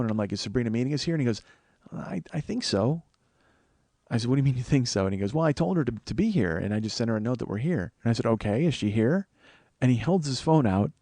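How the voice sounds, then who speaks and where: A man telling a rambling story on his podcast, cursing freely and jumping up in pitch whenever he acts out what someone said. His voice sits in a middle range and sounds dry, close to the mic, with no room around it. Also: no room sound. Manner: animated, profane, acts out quotes in a higher voice. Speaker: podcast host. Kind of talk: casual storytelling monologue.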